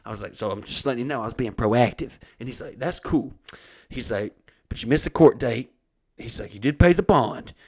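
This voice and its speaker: A man's voice: mid-range voice, brisk. Guy on a comedy podcast, cussing a lot, doing all the voices in his story. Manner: profane, animated storytelling with acted-out voices. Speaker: comedian host.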